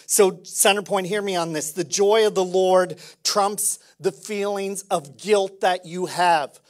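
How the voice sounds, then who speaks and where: Man, pastor, sermon, slow delivery, animated, acts out dialogues. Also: high voice. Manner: animated preaching, acts out little dialogues, swings from whisper to shout.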